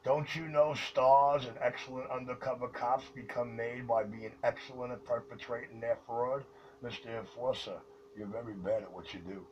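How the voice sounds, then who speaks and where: A man's voice: mid-range voice, steady tone, moderate pace. A man speaking over CB radio in a formal, declaiming, lecturing manner. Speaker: CB radio caller. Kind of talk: pompous radio announcing. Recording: muffled distant radio, hiss.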